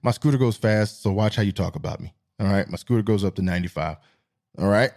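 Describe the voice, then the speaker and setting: A man's voice: lowish voice, quick pace, darkish tone. A man hosting a podcast, telling stories in a casual, rambling monologue and laughing at his own jokes. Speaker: podcast host.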